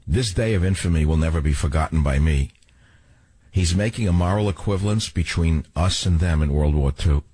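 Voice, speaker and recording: A man's voice: very deep voice, brisk, warm tone, slightly rough, dry recording. A man hosting a talk radio show, delivering a combative, ranting monologue full of rhetorical questions.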